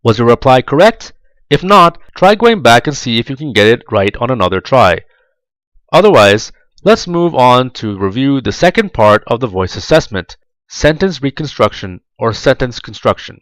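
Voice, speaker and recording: A man reading a scripted tutorial voice-over for job applicants, slow, deliberate and clearly enunciated. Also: medium pitch, sing-song, a bit bright, dry recording, poor audio.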